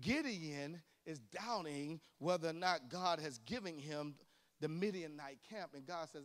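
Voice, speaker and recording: A man's voice: a little high, measured pace. A male pastor delivering a fervent sermon to a church congregation. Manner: fervent preaching, addressing the congregation directly. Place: church service.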